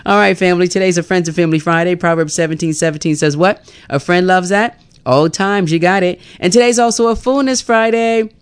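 A middle-aged host opens a morning worship call-in show in a smooth, clear voice. The delivery is lively and conversational, with laughter breaking in. Casual devotional talk runs alongside spoken prayer. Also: mid-range voice, a little fast, few pauses. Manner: lively and chatty, laughs often.

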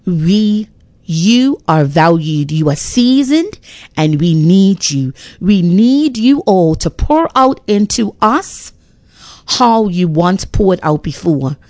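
A woman's voice: on the low side, very animated, slow, darkish tone, no room sound. A middle-aged woman, giving emphatic, preachy faith encouragement on a radio talk show. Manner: emphatic, preachy, with frequent restarts.

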